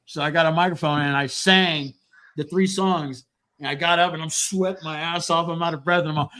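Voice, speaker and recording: A middle-aged man who hosts a podcast and plays music, telling a story in a casual, animated way with a lot of swearing. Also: on the high side, brisk.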